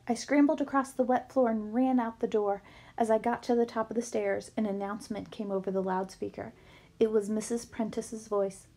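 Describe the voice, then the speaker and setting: A woman reading a children's novel aloud with lively storytelling. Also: fairly high pitch. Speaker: book reader.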